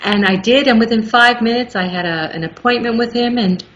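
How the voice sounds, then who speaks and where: A middle-aged woman talking as an interview guest, telling stories in a lively, articulate way. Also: on the high side, a little fast. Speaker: guest, audiobook narrator. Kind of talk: casual interview chat. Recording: muffled with faint background noise.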